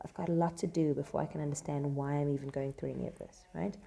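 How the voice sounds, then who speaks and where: A woman tutors a play in a noisy classroom, speaking fast in a low, creaky, dark voice with fairly even intonation. As a literature tutor, she keeps the lesson casual and explanatory, full of fillers and "right?" checks, and reads quotes aloud.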